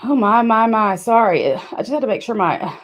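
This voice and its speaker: A woman's voice: on the high side, expressive, moderate pace. A woman hosting a casual livestream, chatty, answering her chat and swearing when annoyed. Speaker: livestream host.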